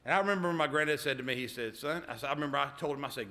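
A man's voice: mid-range voice, racing, few pauses, pushed and bright. A middle-aged man preaching a sermon, often stopping to ask "amen?" of the congregation. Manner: emphatic call-and-response, repeated "amen?".

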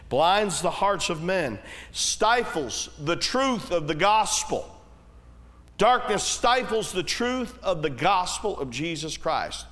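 A man preaching a sermon in a folksy, conversational way, swelling to emphatic peaks and then dropping low and slow, in a church hall. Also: a bit bright. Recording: long reverb of a church hall.

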